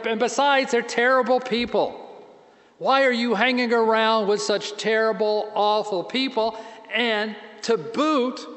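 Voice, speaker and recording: A man's voice: high voice, fairly bright tone, long reverb tail, pitched above the performer's own voice, full character voice. A man voicing indignant early Christian men who protest in rising, exasperated tones.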